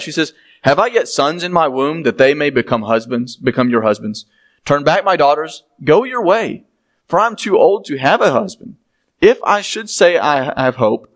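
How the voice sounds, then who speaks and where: A man, preaching a sermon as he reads scripture aloud and explains it, with conversational asides to the congregation. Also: a little high.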